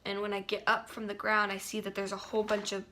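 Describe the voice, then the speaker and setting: A teenage girl vlogger casually retelling a dream in an animated, breathless way. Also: medium pitch, quick pace, slight background noise.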